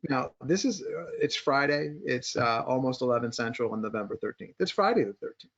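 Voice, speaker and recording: Gravelly guy on a podcast rambling thru stock charts, cracks jokes, lo-fi muffled sound. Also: medium pitch, animated, a little fast, fairly bright tone. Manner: rambling, joking, explains step by step with many restarts. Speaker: market strategist and co-host. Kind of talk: casual podcast chat and chart commentary. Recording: muffled lo-fi audio.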